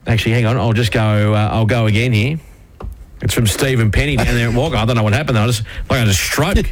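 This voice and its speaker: A man's voice: medium pitch, fast, noisy background. An Australian man hosting a radio show, chatting with callers in a matey, laughing way. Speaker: radio host. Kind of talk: casual radio chat with callers.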